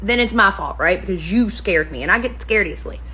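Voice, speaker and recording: A woman's voice: medium pitch, animated, a little fast, bright, forceful tone, breathy edge, low-quality recording. A woman who runs a spa, telling a story to camera in a casual, profane rant. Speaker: spa owner, permanent makeup artist.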